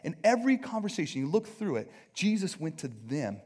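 Man, pastor, conversational sermon, lively pitch swings, fairly high voice, acts out quotes. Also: fairly quick, slightly rough. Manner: animated, acts out quotes, keeps asking "right?".

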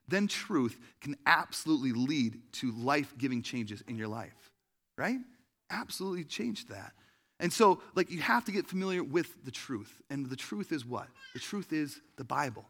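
Male pastor, slightly high voice, chatty sermon delivery with frequent "like" and "right?". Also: a bit bright. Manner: conversational, many fillers and rhetorical "right?"; acts out quoted voices with big jumps in pitch and volume.

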